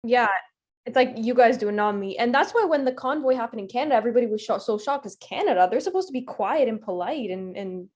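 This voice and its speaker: A woman's voice: on the high side, animated, a little mellow. A woman co-hosting a podcast discussion, chatty and full of fillers. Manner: chatty, quick filler-laden talk. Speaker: podcast co-host. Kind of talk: casual discussion.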